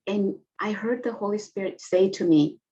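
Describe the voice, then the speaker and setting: A woman's voice: medium pitch, normal speed, mellow. A woman in her thirties from Rwanda with a Rwandan accent, a Kinyarwanda speaker, telling her story earnestly as an interview guest, often restarting her sentences. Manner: earnest, heartfelt, with hesitant restarts. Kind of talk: personal testimony in an interview. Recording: dull lo-fi audio.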